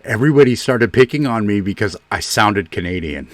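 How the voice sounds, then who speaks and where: A man's voice: fairly low pitch, animated, a little fast, no room sound. A man from the US South hosting a stream, chatting casually and slipping into playful put-on accents. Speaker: streamer host. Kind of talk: casual chat.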